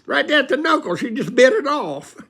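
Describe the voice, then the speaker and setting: A man voicing his half brother's wife, a shrill, quarrelsome woman, in a high strident put-on voice. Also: very animated, a little fast, fairly bright tone, breathy edge, exaggerated voice. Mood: scornful. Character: shrill quarrelsome sister-in-law from the South.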